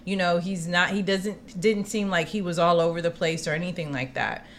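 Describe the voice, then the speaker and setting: A woman co-hosting a podcast, telling a personal story in casual chat, acting out quotes with slangy, expressive asides. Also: lowish voice, moderate pace, slight background noise. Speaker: podcast co-host.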